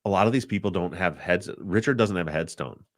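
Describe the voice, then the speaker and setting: A man hosting a casual podcast discussion, talking in a halting way, often repeating words and getting choked up. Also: low voice, no echo, studio quality. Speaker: podcast host.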